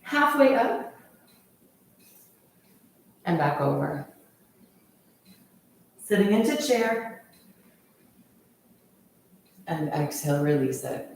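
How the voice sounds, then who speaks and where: A woman leading a yoga class, calmly cueing each pose in time with the breath. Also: deep voice, slow pace, creaky, long pauses. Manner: calm, steady cueing of poses with the breath. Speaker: yoga instructor. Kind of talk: guided yoga class instruction. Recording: very echoey room, voice from far off.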